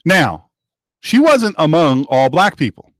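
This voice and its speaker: Animated, emphatic male talk show host. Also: a little high, slow, no room sound, clean studio sound. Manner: emphatic, sarcastic, preachy. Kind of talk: opinionated radio show monologue.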